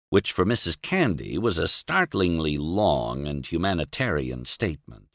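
A man doing expressive, measured audiobook narration of a novel. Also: sits low, dry recording, studio quality. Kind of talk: scripted narration.

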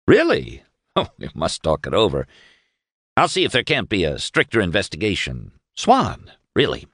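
A man's voice: low voice, wildly swooping pitch, normal speed, fairly bright tone, husky, dry recording, studio quality, heavily acted. A man voicing a pompous, overly cordial young male lawyer with stiff, formal, senatorial speech in an audiobook reading.

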